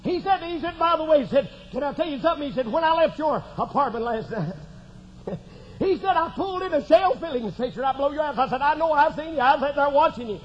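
A man preaching a fervent revival sermon, shouting and then dropping to a hush. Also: fast talker. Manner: fervent, swings from loud shouting to low hushed tones. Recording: dull lo-fi recording with faint hiss.

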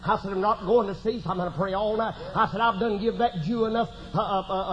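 Man, revival preacher, very high voice, shouts then hushes, dull lo-fi tape. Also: steady tone, fairly quick, few pauses. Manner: fervent, swings from loud shouting to low hushed tones. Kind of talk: revival sermon testimony. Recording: dull lo-fi recording with faint hiss.

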